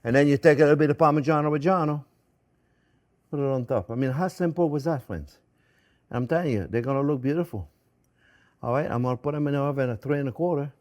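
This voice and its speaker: A man's voice: mid-range voice, a little mellow. A middle-aged man hosting a cooking demonstration as a chef. He is talkative and jokey and calls his viewers friends. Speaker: chef and cooking show host.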